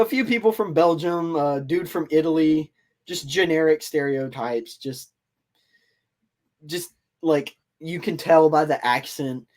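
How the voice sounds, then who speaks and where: Man, podcast host, rambling, laughs often, slightly high pitch. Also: a little mellow. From United States. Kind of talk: casual chat.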